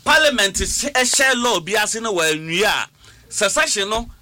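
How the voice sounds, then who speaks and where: A Ghanaian man in a heated political debate, a member of parliament who talks over the others and keeps repeating himself. His voice sits high and very bright. It rises and falls a great deal. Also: lively intonation, moderate pace, slight background noise. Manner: talks over others, repeats words, switches between languages.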